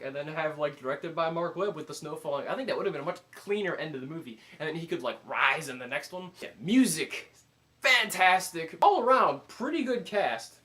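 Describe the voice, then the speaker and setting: Animated man with a higher voice. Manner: animated, filler-heavy, acts out his own reactions. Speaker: movie reviewer. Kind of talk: casual spoken movie review.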